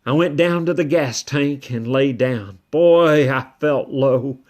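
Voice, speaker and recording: A man's voice: medium pitch, a little mellow. A man giving first-person storybook narration as a ranch dog, folksy in manner. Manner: folksy, slow-paced telling as a ranch dog. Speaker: audiobook narrator.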